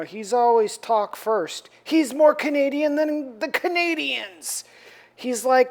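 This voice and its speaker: A woman's voice: mid-range voice, darkish tone. A woman hosting a comic book review channel, recapping an issue in a chatty, rambling way full of slangy asides.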